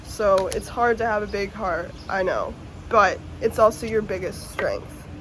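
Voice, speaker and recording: A woman talks her viewers through a tarot reading in a casual, heartfelt way, cursing lightly as she goes. Her voice sits at an ordinary middle pitch, and she sometimes sounds close to tears. A faint hiss of room noise runs underneath. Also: measured pace, a bit bright. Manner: emotional, earnest and swearing casually. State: tearful at times. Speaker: tarot reader.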